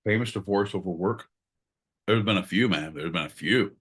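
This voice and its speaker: A man's voice: deep voice, moderate pace, fairly bright tone, slightly rough. A man hosting a comedy podcast, riffing on absurd bits in profane, improvised banter. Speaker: podcast host.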